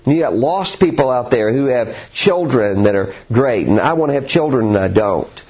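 Husky-voiced man preaching a sermon. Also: medium pitch, normal speed, muffled recording. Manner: earnest, animated storytelling with acted quotes.

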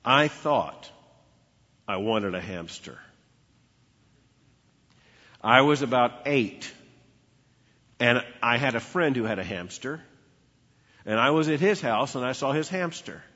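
Male pastor, storytelling sermon voice, husky, heard in a reverberant church hall. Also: mid-range voice, expressive, slow, pauses often, pushed and bright. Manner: storytelling preacher, emphatic repetition. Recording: dull lo-fi with long hall reverb.

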